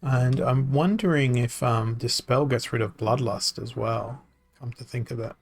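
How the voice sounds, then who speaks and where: A man streaming a card game, thinking aloud in a halting, self-mocking way, his voice tired and worn from talking. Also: mid-range voice, gravelly. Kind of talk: casual live-stream commentary.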